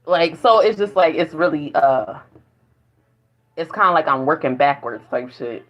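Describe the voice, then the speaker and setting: A woman's voice: low-pitched, moderate pace. A woman vlogging in a casual spiritual monologue, rambling and profane, often breaking into laughter. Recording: dull lo-fi recording.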